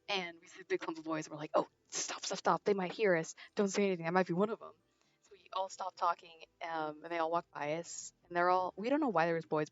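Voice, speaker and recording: A woman's voice: on the low side, no echo. Teen girl, casual gaming stream, rambling and giggly, lo-fi earbud mic. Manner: giggly, chatty, rambling storyteller. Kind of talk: casual chat while gaming. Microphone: earbud headset mic. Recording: dry, dull lo-fi earbud mic.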